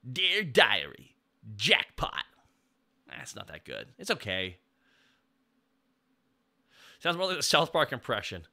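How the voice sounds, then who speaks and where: Man, streamer, casual chat, laid-back, gravelly, bright tone. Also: medium pitch, huge pitch swings, slow, pauses often. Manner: chatty, laid-back, swears freely.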